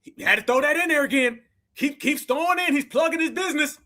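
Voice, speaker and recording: A man with a very high, bright, forceful voice rants through a reaction commentary. He talks in heated street slang and mocks the clips he plays. His tone stays scolding and emphatic. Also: fast.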